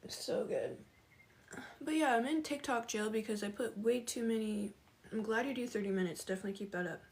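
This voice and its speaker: A woman's voice: on the high side, fairly quick, vocal fry, darkish tone. Chatty woman streamer, laughs often. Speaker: livestreamer. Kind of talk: casual chat with viewers.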